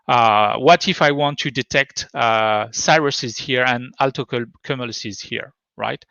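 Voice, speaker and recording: A man's voice: mid-range voice, slow, gravelly, pushed and bright, dry recording, highs cut off. French-accented man giving a tech talk. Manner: hesitant, many fillers and restarts. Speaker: conference speaker. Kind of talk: technical talk with live demo. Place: home.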